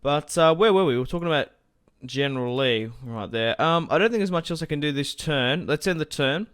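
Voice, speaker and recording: Smooth-voiced man narrating his strategy game. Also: a little high, fairly quick, a bit bright. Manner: chatty, thinking aloud with fillers and asides. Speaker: gaming channel host. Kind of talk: casual gameplay commentary.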